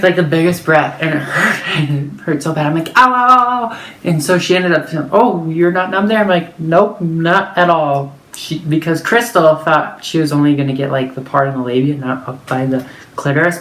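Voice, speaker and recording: A woman telling a personal story in a casual vlog, chatty and full of fillers. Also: low-pitched. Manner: chatty, filler-heavy, lots of "like". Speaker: vlogger. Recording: echoey room.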